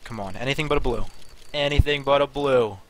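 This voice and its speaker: A man streamer yelling and swearing in breathless disbelief over a case opening. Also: medium pitch, brisk. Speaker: streamer opening game cases. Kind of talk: live stream reaction.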